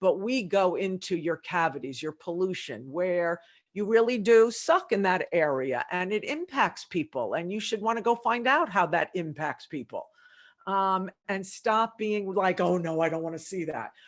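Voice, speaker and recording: In an unhurried, mid-range voice, a middle-aged woman, a leadership consultant, tells stories during a podcast interview. She animates them by acting out the conversations, quoting what each person said.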